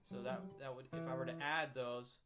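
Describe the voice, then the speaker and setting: A man's voice: medium pitch, fairly quick. Casual man teaching guitar soloing. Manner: relaxed, explaining with fillers, hums and sings snippets. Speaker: music teacher. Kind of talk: casual instrument lesson. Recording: faint guitar music behind.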